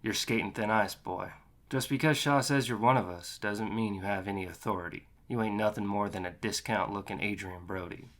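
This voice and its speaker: A man doing a deep menacing thug. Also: a little fast, few pauses, lightly acted. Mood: threatening. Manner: low, threatening, clipped. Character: large menacing male street thug.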